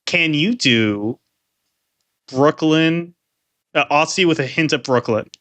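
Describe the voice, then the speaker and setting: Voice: medium pitch, slow, fairly bright tone, dry recording. A podcast co-host chatting casually and playfully teasing the other host. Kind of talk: casual chat.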